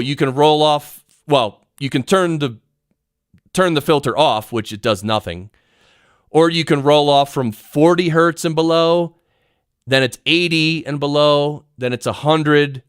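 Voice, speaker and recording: In a home studio, a man with a smooth, resonant voice at an ordinary pitch teaches podcast audio on a live stream, rambling excitedly and cutting off his own sentences. His studio mic feeds an audio recorder, giving a close, dry sound.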